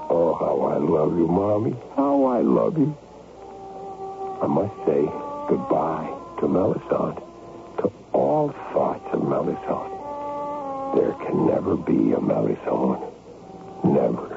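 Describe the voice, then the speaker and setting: A man's voice: deep voice, creaky, heavily acted. An actor playing a troubled grown son fixated on his tainted blood, in 1970s radio drama style, swinging from sullen to raving. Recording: tinny old radio broadcast with music.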